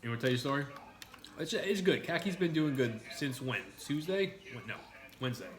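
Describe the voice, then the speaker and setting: A man's voice: on the high side, expressive, a little fast. A man chatting casually while eating on a home video, joking crudely and rambling through his advice. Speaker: mukbang vlogger. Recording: roomy with clear background noise.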